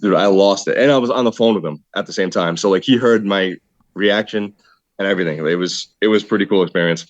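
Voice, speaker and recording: A man excitedly telling a hunting story in casual podcast chat, saying "dude" a lot. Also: deep voice, fast talker, dry recording, dull audio. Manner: excited, animated retelling with repeated "dude". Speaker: podcast guest, hunter.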